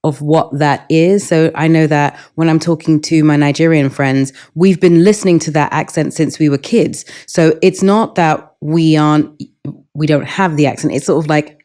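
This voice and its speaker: A London woman speaking as an interview guest, relaxed and reflective in manner. She works through her thoughts aloud with frequent fillers. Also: low voice, moderate pace. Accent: London English. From Stockwell, London, England. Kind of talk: conversational interview.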